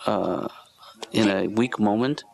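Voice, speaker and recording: An actor voicing a weary middle-aged therapist and father who talks in a soft, halting, deadpan way. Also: lowish voice, gravelly.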